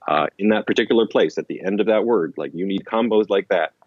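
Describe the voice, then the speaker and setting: A man with a very deep voice speaks as an interview guest, loose and rambling, restarting sentences and leaning on fillers. The recording is dry and close, with a slightly muffled, lo-fi tone. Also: fast talker, no echo. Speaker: interview guest, language-learning author. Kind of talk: casual conversational interview.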